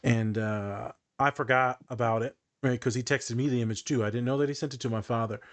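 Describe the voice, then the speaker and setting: A man's voice: medium pitch, steady tone, a little fast. A man in his thirties hosting a podcast, telling personal stories with feeling and acting out what people said. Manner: emotional, storytelling with acted-out quotes. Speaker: podcast host. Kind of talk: casual podcast chat.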